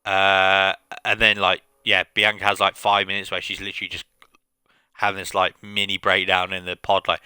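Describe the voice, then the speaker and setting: A man with a very bright, clean voice chats casually on a game stream, retelling plots in a rambling, animated way. The sound is dry and close. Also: low-pitched, fairly quick, clear, resonant tone, no room sound. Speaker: gaming streamer. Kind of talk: casual chat recapping storylines.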